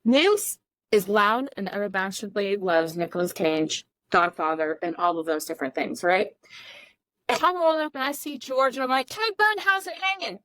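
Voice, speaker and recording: A woman with a somewhat high voice co-hosts a podcast, laying out definitions in an emphatic, teacherly manner. She keeps checking in with rhetorical questions. The sound is close and dry. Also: fairly bright tone, no room sound. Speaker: podcast co-host. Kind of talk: explanatory podcast talk.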